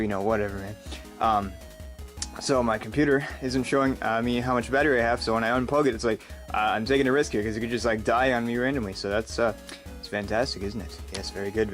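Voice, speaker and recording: A young man from the United States, rambling and joking through a casual vlog at home, with many fillers. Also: mid-range voice. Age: young adult. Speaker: vlogger. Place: home room.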